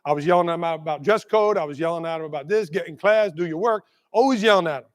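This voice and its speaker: A man giving a motivational keynote as a school leader, telling a story with animated energy and checking in with the crowd with constant "right?"s. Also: a little high, fast talker. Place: large conference hall. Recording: long hall reverb.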